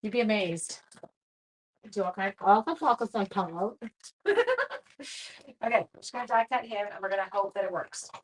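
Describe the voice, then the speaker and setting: A middle-aged woman hosting a crafting livestream, chatting casually and self-deprecatingly, often dropping to quiet mutters as she works. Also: medium pitch, moderate pace, long pauses.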